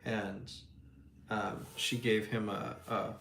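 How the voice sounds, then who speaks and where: Gravelly-voiced man chatting in an echoey room. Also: mid-range voice, a little slow, soft background music. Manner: jokey and rambling, laughs often. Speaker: streamer painting miniatures. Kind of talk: casual chat. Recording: echoey room with faint noise.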